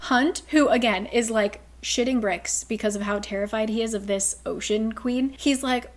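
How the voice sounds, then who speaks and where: A woman's voice: on the high side, normal speed, soft background music. A woman casually recapping a fantasy novel's plot, chatty and swearing, now and then reading passages aloud. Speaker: book recap narrator.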